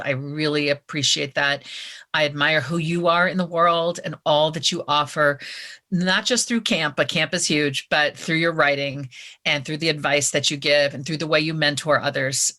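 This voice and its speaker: Woman guest author, bright tense voice, frank and earnest, reflective. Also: low voice. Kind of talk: casual interview chat.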